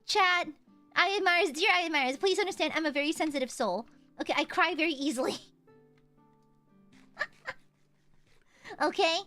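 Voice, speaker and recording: A woman's voice: extremely high pitch, normal speed, pauses often, sharp tone, faint music behind. A woman streamer chatting casually while gaming, playful and boastful, swearing freely and laughing often.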